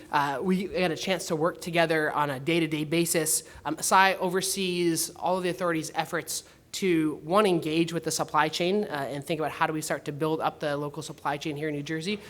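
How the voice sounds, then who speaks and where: A man moderating a conference panel, introducing the speakers in a chatty, halting way. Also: a little high, fairly even intonation, fairly bright tone. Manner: chatty, halting with fillers and restarts.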